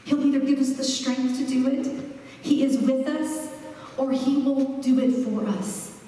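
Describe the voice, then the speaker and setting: A woman's voice: sits high, slight background noise. Woman preaching in an echoey hall. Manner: expressive, slows for emphasis. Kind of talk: sermon. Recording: echoey hall, mic far off.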